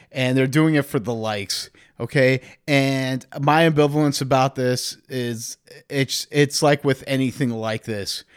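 A man's voice: medium pitch, clear, resonant tone. A man hosting a podcast, talking in a rambling, profane, comedic monologue. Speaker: podcast host.

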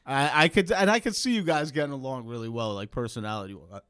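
A man's voice: medium pitch, fast, fairly bright tone, clean tone, no room sound, studio quality. A man in his thirties hosting a podcast, chatting casually and swearing freely. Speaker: podcast host. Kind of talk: casual interview chat.

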